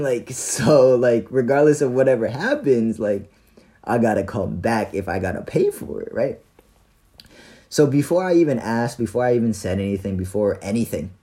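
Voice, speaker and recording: A young man casually telling a story about his day, animated and profane, full of slang and fillers. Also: fairly low pitch.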